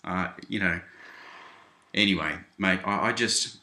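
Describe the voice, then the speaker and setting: Australian man, low-pitched but bright and forceful, indignant direct-to-camera rebuttal in an echoey room, "mate" in every other line. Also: a little slow. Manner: indignant, keeps saying "mate", many restarts. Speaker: video blogger responding to critics. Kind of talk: casual direct-address rant. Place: small home office.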